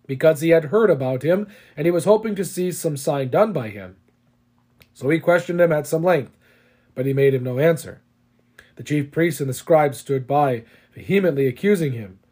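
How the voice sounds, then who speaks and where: Man reading scripture aloud, steady and solemn, voice a bit high. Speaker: scripture reader.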